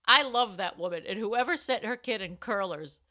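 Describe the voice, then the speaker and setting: A woman's voice: medium pitch, expressive, normal speed, sharp tone. A woman co-hosting a podcast, chatting in a jokey, giggly way. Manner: giggly, jokey, puts on bits. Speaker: podcast co-host. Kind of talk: casual comedic chat.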